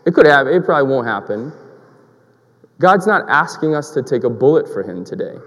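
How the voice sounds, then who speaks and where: A man's voice: mid-range voice, big pitch swings, fairly quick, fairly bright tone, in a large hall. A man preaching a sermon in a conversational, storytelling way, asking rhetorical questions.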